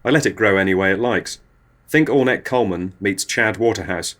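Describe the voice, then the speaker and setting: A man's voice: fairly low pitch, fairly quick, noisy background. A man, host of a comedy show, telling absurd surreal stories in a dry, matter-of-fact way. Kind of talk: absurdist comic monologue.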